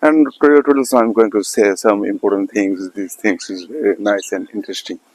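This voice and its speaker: Halting man with a Bengali accent. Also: on the low side, fairly even intonation, a little mellow, low-quality recording. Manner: halting, many fillers and repeated restarts. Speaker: English learner vlogger. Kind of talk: casual monologue practicing spoken English.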